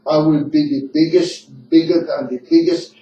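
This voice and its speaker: A man's voice: a little high, fairly even intonation, normal speed, warm tone, reverberant, slight background noise. A man hosting a radio talk show in English, his second language, rambling and repeating himself as he shares his opinions. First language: not English. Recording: dull lo-fi room sound from a distant mic.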